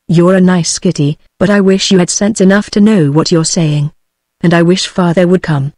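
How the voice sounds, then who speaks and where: A woman's voice: lowish voice, moderate pace, no room sound, natural voice. Feverish, short-tempered man in a storybook, read by a British female synthetic voice, level and dry. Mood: weary. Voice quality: synthetic text-to-speech voice. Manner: flat, even reading with no character voice.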